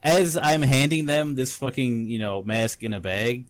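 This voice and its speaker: This young man co-hosts a podcast, and in casual chat he spins a rambling story packed with swearing. His voice sits at medium pitch, his delivery is unhurried, and there's no room sound.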